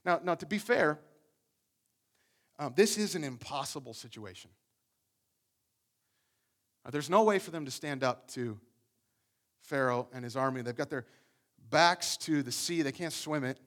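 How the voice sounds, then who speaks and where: A man's voice: on the high side, unhurried, long pauses, a bit bright. A man preaching a sermon, telling the story with energy and often repeating his words as he goes. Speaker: pastor.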